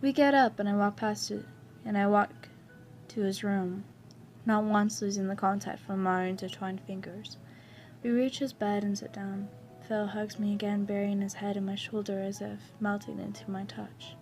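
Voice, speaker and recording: A woman narrating a first-person fan fiction story in a soft, even reading voice. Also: medium pitch, moderate pace, soft background music. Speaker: story reader.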